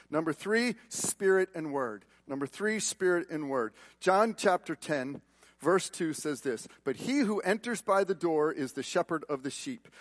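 A male pastor preaching a sermon, telling personal stories with repeated words and shifting from loud emphasis to hushed tones. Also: fairly high pitch, no room sound. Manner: storytelling with repeated words and quick asides. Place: church.

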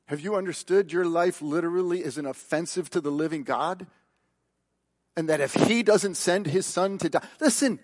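A man's voice: on the high side, moderate pace. A man preaching a sermon, emphatic and questioning, retelling a gospel story. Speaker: pastor.

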